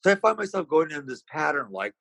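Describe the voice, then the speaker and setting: A singer being interviewed tells long, rambling stories about his singing, restarting often in a casual way. His voice is on the high side, sing-song, quick and a bit bright. The recording is dry and low in quality.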